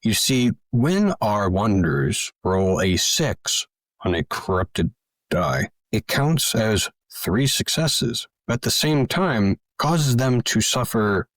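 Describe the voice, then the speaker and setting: A man's voice: fairly low pitch, sing-song, takes it slowly, no echo. A man narrating a tabletop game as game master, theatrical and speaking to the listeners.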